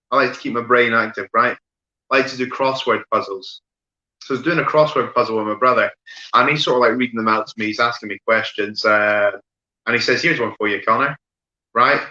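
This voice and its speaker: A man doing an online stand-up set of deadpan one-liners, often tagging "right?" and pausing with fillers. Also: mid-range voice. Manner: deadpan delivery with frequent "right?" asides and fillers. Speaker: stand-up comedian. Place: home room, streamed online show. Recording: roomy echo, dull lo-fi sound.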